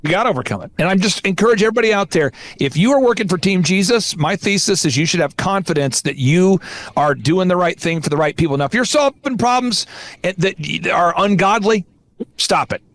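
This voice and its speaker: A man's voice: sits high, animated, a little fast, a bit bright, dry recording. A man hosting a podcast, exhorting listeners in an emphatic, repetitive, preaching style. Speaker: podcast host and business coach. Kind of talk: impassioned preaching-style talk.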